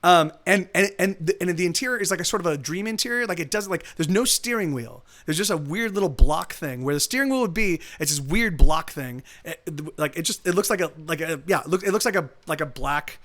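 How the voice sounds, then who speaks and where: Fast-talking high-voiced man rambling. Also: expressive, a bit bright. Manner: rambling, profane, full of self-corrections. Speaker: live-streaming musician. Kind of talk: casual storytelling on a live stream.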